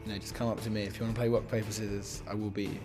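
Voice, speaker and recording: A man, a professional poker player, speaking in an interview in a relaxed, boastful way and dismissing his rivals. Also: on the low side, very fast, over music. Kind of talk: interview to camera.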